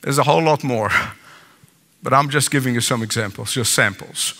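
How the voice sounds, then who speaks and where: A man's voice: mid-range voice, moderate pace, a bit bright. An older man preaching a sermon as pastor, emphatic with repeated phrases and asides. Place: large church sanctuary. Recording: long hall reverb.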